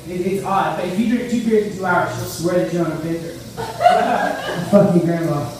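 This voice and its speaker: A man's voice: high-pitched, moderate pace, darkish tone, slight background noise. A man in his thirties doing a rambling, profane stand-up set, laughing at his own jokes. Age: 30s. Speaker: stand-up comedian. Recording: echoey room, mic far off.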